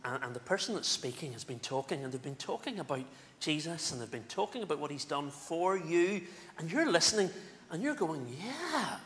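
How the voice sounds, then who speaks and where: A male minister with a Northern Irish accent, giving an animated, playful children's talk in a church service. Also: on the high side, fairly quick. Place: church sanctuary. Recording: echoey church with faint room noise.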